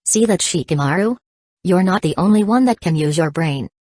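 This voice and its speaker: A woman's voice: lowish voice, animated, moderate pace, a little mellow, no echo. A woman reading a teasing male ninja mentor.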